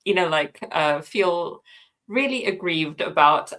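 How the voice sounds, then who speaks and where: A woman's voice: lowish voice, animated, slow, a bit bright. A woman co-hosting a live book club stream, speaking thoughtfully with many fillers. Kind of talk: casual book discussion.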